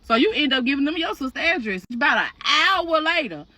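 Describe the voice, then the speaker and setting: Lively, bright-voiced woman telling a story. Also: high-pitched, brisk, no room sound, poor audio. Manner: profane, slangy, addresses listener as you. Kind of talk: casual storytime narration.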